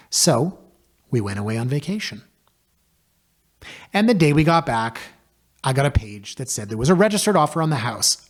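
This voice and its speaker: A man's voice: medium pitch, big pitch swings, normal speed, pauses often. A man, a podcast host telling a personal story in a wry, self-deprecating way. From Canada. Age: 40s.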